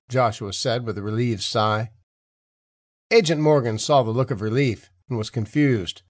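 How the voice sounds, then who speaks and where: A man narrating a thriller audiobook in an even, clear storytelling manner. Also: medium pitch, normal speed, no echo, studio quality. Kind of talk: scripted narration.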